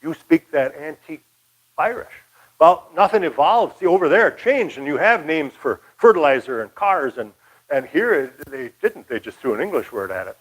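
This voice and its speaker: A man's voice: a little high, very animated, moderate pace, poor audio. An older man from Michigan giving a casual, rambling local history talk, folksy with many fillers. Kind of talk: casual lecture.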